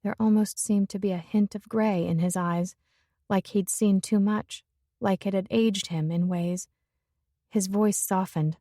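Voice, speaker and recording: A woman's voice: mid-range voice, fairly even intonation, unhurried, dark tone, dry recording. Dry, intimate woman audiobook narrator. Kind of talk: first-person romance audiobook narration.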